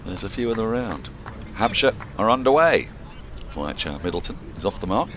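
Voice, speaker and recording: A man with a low, deep voice calls live cricket with a playful, jokey delivery. His pitch swings widely as he talks. Clear open-air ground noise sits under his voice. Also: sing-song, brisk. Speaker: lead cricket commentator.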